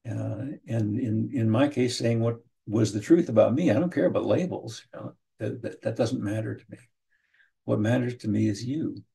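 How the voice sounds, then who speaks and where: A man teaching counseling skills in an online training session, speaking in a measured way, often repeating his first words and briefly acting out what a client and a counselor might say. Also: medium pitch, vocal fry, warm tone. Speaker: trainer teaching motivational interviewing. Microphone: video call.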